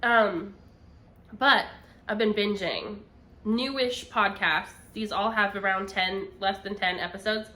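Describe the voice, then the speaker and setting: A young adult woman co-hosts a podcast, chatting casually and ramblingly about knitting, chatty and laughing often. Her medium-pitched voice is pushed and bright, she takes it slowly, and the recording is in an echoey room.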